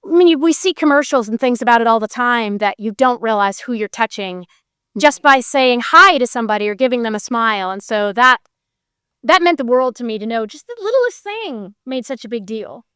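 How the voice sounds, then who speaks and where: A woman guest tells personal stories in an animated, chatty way and slips into the voices of the people she quotes. Her voice sits high and rings clear. The close mic gives a dry sound. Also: a little fast, dry recording. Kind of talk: conversational storytelling.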